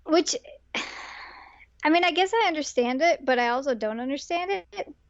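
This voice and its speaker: A woman co-host drops wry little asides, her voice a bit high for a woman. It comes through a dull, muffled mic with no room sound. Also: animated, unhurried, no echo. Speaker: podcast co-host. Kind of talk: casual chat.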